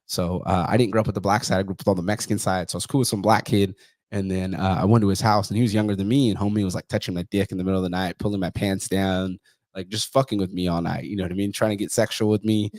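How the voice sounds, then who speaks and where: Fast-talking lower-voiced man, candid. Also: steady tone, darkish tone, dry recording. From California, USA. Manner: profane storytelling, acting out quoted dialogue. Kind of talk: casual podcast conversation.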